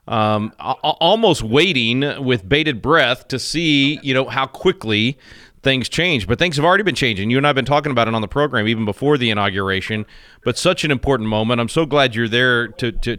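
A man's voice: mid-range voice, pushed and bright, clear, resonant tone, no room sound. A man co-hosting a talk radio show, upbeat and jokey, with frequent restarts. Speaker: radio co-host. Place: home radio studio.

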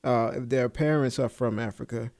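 A woman's voice: rumbling low, fairly even intonation, moderate pace, a little mellow. A woman co-host in a casual chat, mostly adding short agreeing remarks.

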